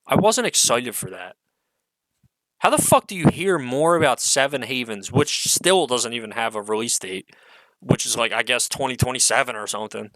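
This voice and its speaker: A man's voice: medium pitch, expressive, normal speed, fairly bright tone, no room sound, poor audio. Exasperated man ranting with lots of swearing. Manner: profane, exasperated and sarcastic, with swearing and fillers. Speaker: online commentator. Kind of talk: unscripted solo rant.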